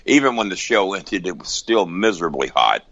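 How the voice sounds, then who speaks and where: A man's voice: low voice, normal speed, dry recording, dull audio. A man telling wrestling-road stories as a podcast guest, swearing freely and acting out both sides of each exchange. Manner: profane, animated raconteur. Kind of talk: casual storytelling.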